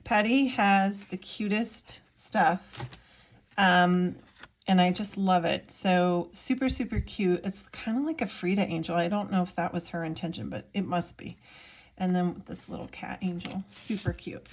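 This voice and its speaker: Showing items from her work, this thirtysomething artist vlogs in a bubbly, gushing way, full of fillers. She speaks unhurriedly in a lowish voice.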